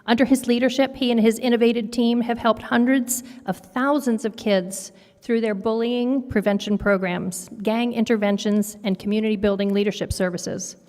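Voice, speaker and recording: A woman reading a picture book aloud to children at a worship service in an expressive, storytelling manner. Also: a little high, normal speed, few pauses. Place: congregation sanctuary. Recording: long hall reverb.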